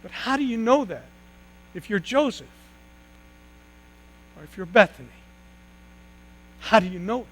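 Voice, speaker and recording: A man preaching a sermon, retelling a story dramatically with long pauses and sudden hushed drops. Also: high voice, lively intonation, rough recording. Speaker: pastor.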